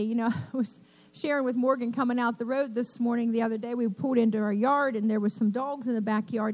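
Older woman preacher, high voice. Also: rough recording. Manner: preaching with call-and-response asides. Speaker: pastor. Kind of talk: sermon.

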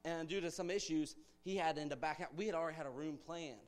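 A man's voice: fairly high pitch, fast. A young man giving an informal, earnest church sermon as a guest speaker, urging his listeners on with conversational asides.

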